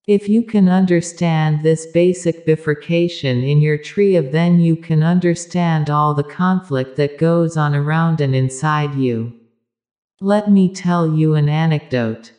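A spiritual teacher giving a calm, measured discourse with repeated, parallel phrasing. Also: mid-range voice.

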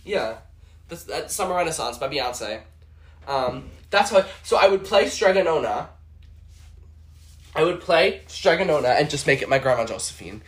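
Campy chatty host with lively pitch. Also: male voice. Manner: chatty, campy, jumps into quick impressions. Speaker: podcast host. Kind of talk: casual solo chat with impressions.

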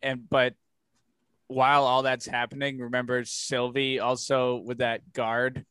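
A man's voice: medium pitch, flat delivery, measured pace, sharp tone, clear, resonant tone, dry recording. A man co-hosting a podcast in casual chat, mostly giving short agreeing replies and laughing along. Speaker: podcast co-host.

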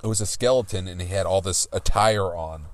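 A man co-hosting a casual podcast, excitable and thinking out loud while guessing slogans. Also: low-pitched, brisk. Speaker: podcast co-host. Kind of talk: casual chat.

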